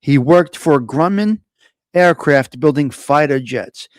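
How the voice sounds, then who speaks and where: A man's voice: on the high side, lively intonation, slow pace, no room sound, studio quality. A man hosting a casual live stream, chatting with viewers, teasing them and reading their comments aloud. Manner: chatty, laughs often, teasing, ad-libs.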